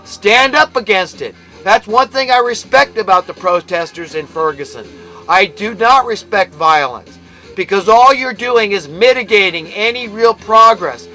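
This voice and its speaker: A man's voice: high-pitched, lively intonation, normal speed, sharp tone, soft background music, low-quality recording. An American man delivering an impassioned, ranting monologue, emphatic and preachy. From United States. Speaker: commentator.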